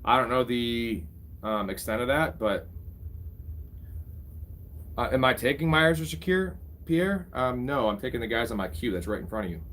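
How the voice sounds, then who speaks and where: Excitable man hosting a live draft stream. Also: mid-range voice, normal speed, long pauses, slight background noise. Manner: casual, excitable, crude banter with chat. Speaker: fantasy football streamer host.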